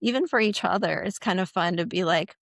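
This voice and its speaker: A woman's voice: fairly low pitch, brisk, gravelly, no room sound, studio quality. A woman guest expert on a podcast, talking casually and checking in with "right?" and "okay?", sometimes acting out quoted lines. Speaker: guest expert on puberty education. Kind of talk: conversational podcast interview.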